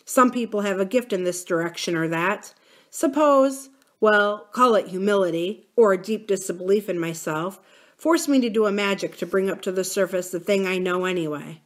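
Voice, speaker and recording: A man's voice: high voice, normal speed, lightly acted. List: woman voicing a wry older farmer, musing, philosophical, read aloud from a novel.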